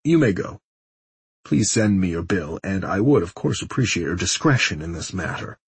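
Polite formal merchant guy in his forties, narrator doing the voice, husky, audiobook. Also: low-pitched, very animated, moderate pace, no echo, exaggerated voice. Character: middle-aged male merchant, polite and formal.

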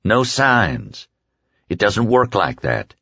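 A man voicing an injured man from East Texas, calm and firm in a plain-spoken drawl. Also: lowish voice, takes it slowly, breathy edge, no echo, voice pushed up, full character voice. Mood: gentle. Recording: dull lo-fi dry recording.

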